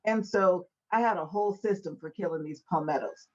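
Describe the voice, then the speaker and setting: A woman hosting a Bible study podcast, telling stories in a casual, animated way, acting out quoted voices and laughing often, on an indoor set. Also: fairly low pitch, brisk, dull audio. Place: indoor set with a fireplace backdrop.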